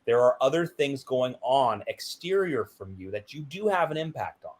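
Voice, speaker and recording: Lively, animated man telling stories. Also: normal speed. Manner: animated, acts out quoted dialogue with big pitch jumps. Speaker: guest. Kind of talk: candid interview storytelling.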